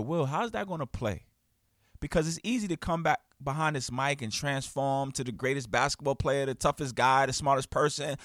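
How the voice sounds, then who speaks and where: A man hosting his own podcast, talking in an animated, emphatic, slangy way and acting out quoted friends. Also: on the high side, dry recording, studio quality. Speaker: podcast host. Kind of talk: casual podcast monologue. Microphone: studio podcast mic.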